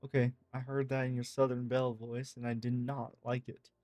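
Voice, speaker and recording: A man reading game text messages aloud in a casual, lively way, swearing freely. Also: medium pitch, a little fast, dry recording. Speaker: gaming streamer.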